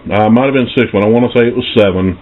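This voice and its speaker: Middle-aged male investigator, lowish voice, unhurried pausing storyteller, lo-fi phone-line sound. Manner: slow, reflective storytelling with pauses. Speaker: paranormal investigator. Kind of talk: recounting a personal ghost story. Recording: tinny phone-like audio.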